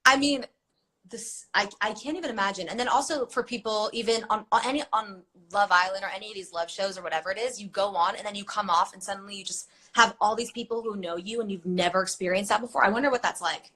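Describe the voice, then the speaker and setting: A young woman co-hosting a livestream in casual chat, quick to gush and keep the conversation moving. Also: medium pitch, pushed and bright. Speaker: co-host of a livestream.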